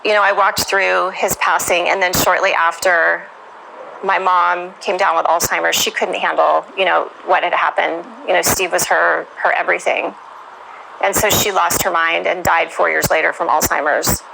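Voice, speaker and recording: A woman with a low, fry-edged voice tells her own story in an interview. She is reflective and emotional, leaning on "you know" as she goes. There is noise in the background. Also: flat delivery, normal speed. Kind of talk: personal life story told in an interview.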